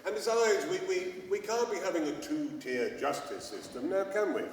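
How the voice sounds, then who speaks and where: A man's voice: high voice, expressive, moderate pace, slight background noise. A man playing a smug, evasive government adviser in a live comedy sketch, answering breezily. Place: large old church used as a cabaret venue. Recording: echoey church hall from far off.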